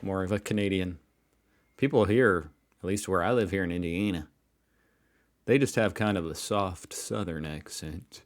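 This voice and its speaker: American man, low-ish voice, General American accent, loose self-mocking reaction host. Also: moderate pace, long pauses. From Pittsburgh, United States. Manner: joking, rambling, self-deprecating. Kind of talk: casual reaction commentary.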